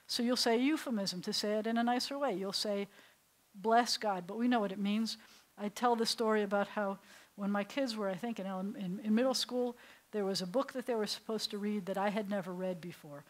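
A middle-aged woman rabbi leads a beginners' class in a synagogue classroom. Her voice sits at an ordinary middle pitch, and she tells stories at an easy teaching pace. She often turns to the room with questions. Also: brisk, poor audio. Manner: storytelling, asks the class questions. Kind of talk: classroom lecture to adult learners.

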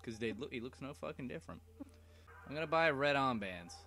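A man's voice: mid-range voice, lively intonation, fairly quick, a little hiss or hum. A young man giving casual, rambling gameplay commentary full of swearing and mumbled asides. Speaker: let's play gamer. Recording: game music loud behind voice. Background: game music.

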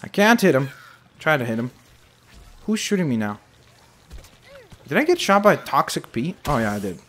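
A young man giving casual running commentary over a shooter game, animated and quick to exclaim when things go wrong. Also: on the high side, slight background noise. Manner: animated, exclaims at setbacks, jokey asides. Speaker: gameplay commentator. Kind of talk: gameplay commentary.

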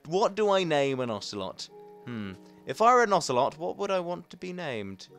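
A man's voice: on the high side, sing-song, moderate pace, fairly bright tone, faint music behind. Playful young man narrating gameplay. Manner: chatty, talks to himself, playful and self-mocking. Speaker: gaming channel host. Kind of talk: casual let's play commentary.

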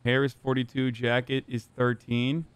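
A man streaming a game live, profane and excitable, talking to his chat and to other players. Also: medium pitch, normal speed, smooth, no room sound.

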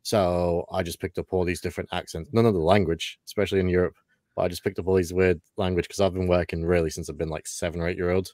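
A man from the East Midlands, chatting casually as co-host. His voice is low, and his talk wanders in a laid-back way with many fillers. The sound is dry and close. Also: level tone, fast talker, a little mellow, dry recording. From England, East Midlands. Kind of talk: casual chat.

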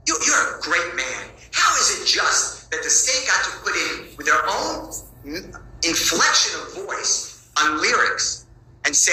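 A man's voice: sits high, big pitch swings, measured pace, pushed and bright, echoey room, rough recording. A man arguing as a defense attorney before a judge. He is insistent and pleading, and he keeps repeating his points. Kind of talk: courtroom argument to a judge. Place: courtroom.

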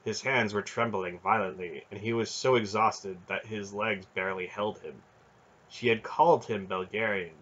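A man narrating a fantasy novel chapter aloud in a measured storytelling manner. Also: fairly low pitch, a bit bright, husky, dull audio. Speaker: audiobook reader. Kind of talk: scripted narration.

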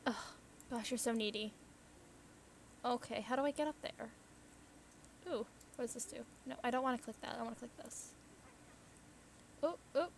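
Young woman gamer, slow chatty commentary, higher voice with some fry. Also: a little hiss or hum. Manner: chatty, thinks aloud, gasps and squeals at the game. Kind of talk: casual let's play commentary.

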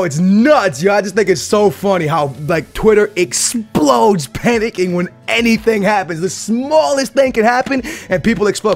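Hyped high-voiced man vlogging. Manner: hyped, slangy, profane, animated storytelling. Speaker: gaming YouTuber host. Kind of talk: excited casual vlog chat. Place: at his home.

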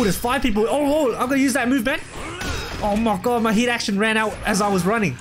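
High-voiced excitable young gamer guy. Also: fairly quick, long pauses. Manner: excitable, slangy, calls out at the game. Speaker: let's play gamer. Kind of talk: casual gameplay commentary. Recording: loud game music underneath. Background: game music.

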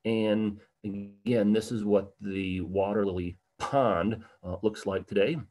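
Presenting art history to livestream viewers over slides, this man speaks slowly in a fairly low, slightly mellow voice with fairly even intonation. He talks conversationally, saying um and uh often, and answers questions from the chat.

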